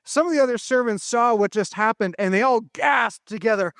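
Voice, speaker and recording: A man's voice: very high-pitched, a little fast, fairly bright tone, no room sound, studio quality. A man leading elementary students in a playful, interactive Bible story, directing the children as they act it out. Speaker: chapel speaker for elementary students. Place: school chapel with children.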